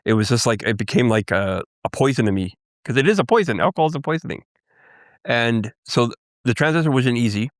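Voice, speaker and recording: A man from Canada, a Cree guest, earnestly recounting his life in a halting interview testimony. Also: medium pitch, animated, no room sound, studio quality. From Canada, First Nations Cree. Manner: earnest, halting storytelling with restarts.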